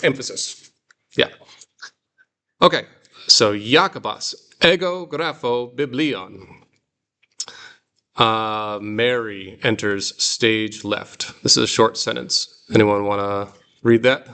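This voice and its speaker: A man's voice: on the low side, slow pace, pauses often, sharp tone, smooth. A man teaching a Greek reading class, explaining patiently with examples. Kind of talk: classroom lesson.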